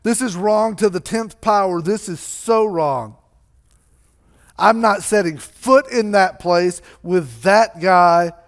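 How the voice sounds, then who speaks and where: A man's voice: high voice, unhurried. A man voicing a resentful older brother who complains indignantly.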